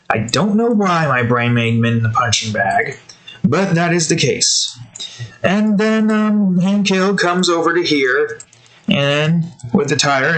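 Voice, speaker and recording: Here the channel host and digital artist rambles casually as he draws, his stories drifting along in slang with frequent self-corrections. He has a fairly high, slightly bright voice, captured on poor audio.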